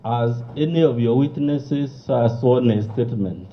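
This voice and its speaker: A man's voice: mid-range voice, measured pace, dull audio, slight background noise. A man, a lawyer, cross-examining a witness at a hearing with firm, clipped questions.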